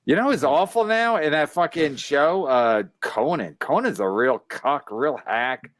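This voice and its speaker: High-voiced ranting male comedian. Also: expressive, measured pace, fairly bright tone, slight background noise. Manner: ranting, profane, stammering restarts. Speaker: comedian host. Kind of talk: casual podcast banter.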